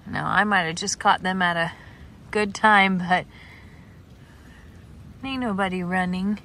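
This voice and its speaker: Lady vlogging on her farm, unhurried drawl, faint outdoor noise, baby-talks her goats. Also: fairly low pitch, pushed and bright. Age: adult, working a day job. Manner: coos and baby-talks to goats, laughing often. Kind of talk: casual vlog narration.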